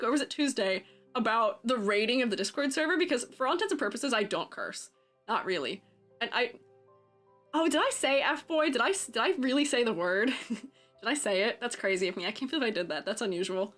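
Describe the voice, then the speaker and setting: A woman's voice: fairly high pitch, animated, a little fast, fairly bright tone, faint music behind. A woman who teaches character design, giving chatty live-stream commentary, reading the chat aloud and laughing often.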